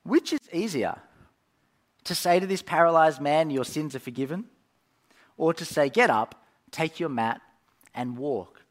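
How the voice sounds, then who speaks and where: A man preaching a sermon, telling the story in an animated way with frequent fillers and restarts. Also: fairly high pitch, moderate pace.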